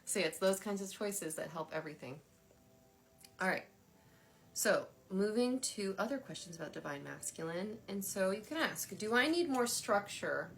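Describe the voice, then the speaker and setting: A woman in her thirties hosting a casual spiritual livestream, chatty with frequent laughter and lots of filler words, talking into a phone. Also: lowish voice. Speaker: spiritual dowsing host.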